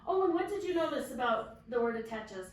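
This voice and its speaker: A woman teaching kindergarten children, speaking in a drawn-out, sing-song way and giving bright praise. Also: high voice, sing-song. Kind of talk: classroom teaching to young children. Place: classroom with children. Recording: very echoey classroom, mic far off, faint hiss.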